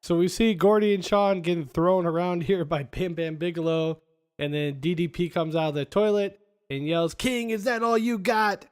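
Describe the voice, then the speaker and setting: A high-voiced man hosts a podcast and walks through a movie's scenes in a casual recap. He laughs often as he retells the plot. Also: normal speed, darkish tone, clean tone. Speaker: podcast host.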